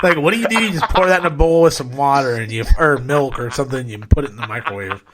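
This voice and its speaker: A man's voice: mid-range voice, expressive, quick pace, fairly bright tone. A man from Ohio joking loosely in casual podcast banter, repeating himself as he talks. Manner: laid-back, repetitive, joking.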